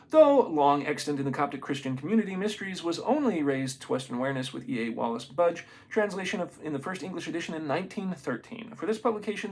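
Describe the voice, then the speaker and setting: A man reading a book aloud in a casual, unprofessional way, stumbling over names and adding excited comments of his own. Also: high voice, husky. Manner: reads haltingly, stumbles on names, adds excited asides. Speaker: amateur reader of a book.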